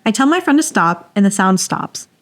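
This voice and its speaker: A woman's voice: mid-range voice, very animated, moderate pace. A woman with a mid-range voice reads a listener's story aloud on a podcast. Her reading is playful and dramatic, and she laughs easily between lines. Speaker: podcast co-host.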